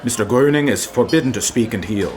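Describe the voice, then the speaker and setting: A man's voice: mid-range voice, expressive, fast talker, darkish tone, lightly acted. A man playing a formal police officer in a documentary reenactment, delivering an official order. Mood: stern. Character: stern male police officer delivering a ban. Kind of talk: reenactment acting.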